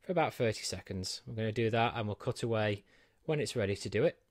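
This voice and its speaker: A man's voice: fairly low pitch, quick pace, dry recording. A man giving a chatty, self-deprecating walkthrough of a gadget in his small home studio, with plenty of ums. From United Kingdom. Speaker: tech reviewer. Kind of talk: unboxing and set-up walkthrough.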